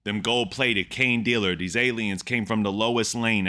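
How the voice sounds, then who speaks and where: A man hosting a music reaction channel, excitedly repeating lines and breaking them down in casual commentary. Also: on the low side, normal speed.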